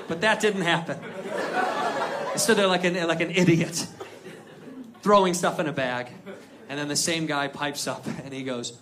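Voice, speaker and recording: A man's voice: fairly high pitch, normal speed. A man doing a stand-up comedy set, telling a story and slipping into mimicked voices. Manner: storytelling, mimics accents, animated. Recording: live club with crowd laughter and noise. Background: audience laughing.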